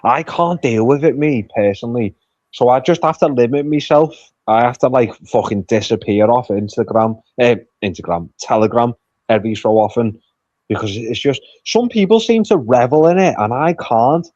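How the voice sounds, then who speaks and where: A man's voice: mid-range voice, animated, normal speed, a little mellow, no echo. A man chatting casually as a guest, blunt and swearing a lot. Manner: blunt and heavily profane. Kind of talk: casual chat. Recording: dull, lo-fi, dry remote line.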